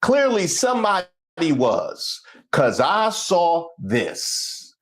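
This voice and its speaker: A man's voice: fairly high pitch, measured pace. A man hosting a comedic news commentary show, casual and slangy, riffing and joking. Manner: animated, joking, breaks into song and laughter.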